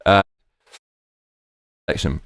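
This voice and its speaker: Profane, excitable streamer. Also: male voice, slow pace. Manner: excitable, profane, reads viewer comments aloud. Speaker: live stream host. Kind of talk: live reaction stream chat.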